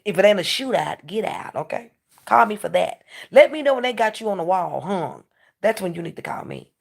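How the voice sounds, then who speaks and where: A woman's voice: mid-range voice, expressive, brisk. A woman in a casual vlog monologue, ranting and preaching with plenty of profanity. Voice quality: gravelly. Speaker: vlogger.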